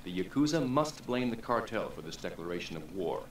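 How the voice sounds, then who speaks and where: An actor playing a cold, scheming wealthy businessman who calmly orders a gang hit in a smooth, calculating manner. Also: low-pitched, fairly quick, distant mic, a little hiss or hum. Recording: roomy game audio from afar.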